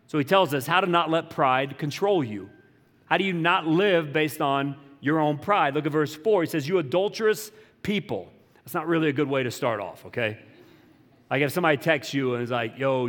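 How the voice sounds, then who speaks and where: A man's voice: on the high side, big-room sound. A man preaching a sermon as pastor, talking in a casual, conversational way with slangy asides and playful voiced quotes.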